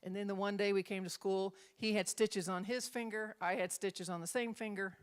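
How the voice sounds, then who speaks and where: A woman's voice: medium pitch, moderate pace, clear, resonant tone. A middle-aged woman minister leading a Bible study, telling stories and acting out the voices in them. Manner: animated storyteller, acts out quotes.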